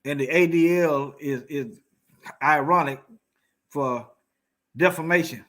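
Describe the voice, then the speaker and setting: Male online commentator, high bright voice, heated and preachy, repeats himself for emphasis. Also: slow. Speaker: commentator reading news. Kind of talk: heated commentary on news articles.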